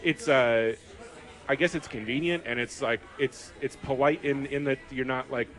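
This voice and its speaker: A man's voice: mid-range voice, fairly even intonation, normal speed, fairly bright tone. A man in his thirties co-hosting a podcast, chatting casually in a bar, rambling with lots of fillers. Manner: rambling, heavy with fillers and restarts. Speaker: podcast co-host.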